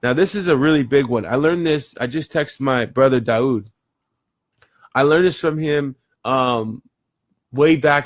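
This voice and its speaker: A man's voice: medium pitch, no echo. A man talks through his thoughts on mindset in an earnest, wandering way, circling back and repeating words as he goes. His mid-range voice sits close and dry, with no room sound around it. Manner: earnest, rambling, repeats words while thinking. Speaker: motivational vlogger. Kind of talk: reflective casual monologue.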